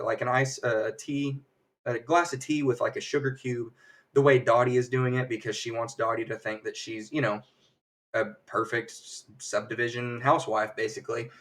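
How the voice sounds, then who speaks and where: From a home livestream setup, a male host casually recaps a show episode, rambling with lots of fillers and acting out quotes. His medium-pitched voice is recorded from a distance.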